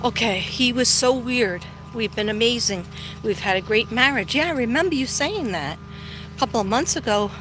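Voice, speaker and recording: Music plays behind a middle-aged psychic vlogger who is live streaming on an outdoor walk, chatting loosely and reading viewers' comments out loud. Her animated voice is on the high side, at a normal speed.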